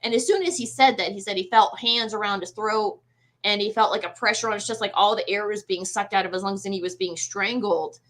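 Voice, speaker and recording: A woman's voice: mid-range voice, a little fast, low-quality recording. A middle-aged woman, a medium, casually telling a personal ghost story and acting out the voices in her quotes. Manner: animated, acts out voices in quotes. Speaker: guest medium.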